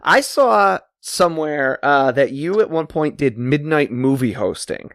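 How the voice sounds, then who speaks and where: A man co-hosting a podcast, asking rambling questions in a relaxed, casual way. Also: a little high, unhurried, no room sound, studio quality. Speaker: podcast co-host, interviewer. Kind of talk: casual interview.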